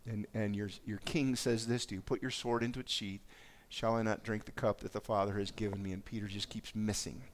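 Lower-voiced man preaching conversationally. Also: flat delivery, a little fast, hardly any pauses, slight background noise. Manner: conversational, reads scripture aloud then reflects. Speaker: pastor. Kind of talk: sermon.

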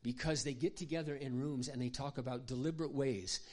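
A man giving a folksy, humorous talk to an audience of mothers, acting out little scenes and often clearing his throat. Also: medium pitch, steady tone, a little fast, darkish tone. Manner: folksy, humorous storytelling with acted-out demonstrations. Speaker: Christian parenting speaker.

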